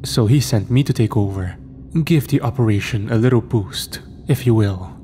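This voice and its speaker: A man's voice: fairly low pitch, moderate pace, dark tone, faint music behind, close to an everyday voice. A man voicing a smug demon posing as a young man, speaking with casual, mocking menace.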